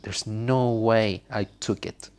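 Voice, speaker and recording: A man voicing an abusive husband and father in a game, snapping and shouting. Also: fairly low pitch, fairly even intonation, slow pace, clear, resonant tone. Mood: stern. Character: angry abusive middle-aged father and husband.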